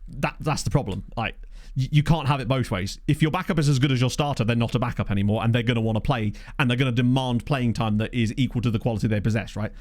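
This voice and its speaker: A man's voice: medium pitch, fast, a little mellow, no room sound. A man casually commentating his own game session, chatty and thinking aloud, with jokey asides, on a desk microphone at home. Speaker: gaming YouTuber. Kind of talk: casual let's play commentary.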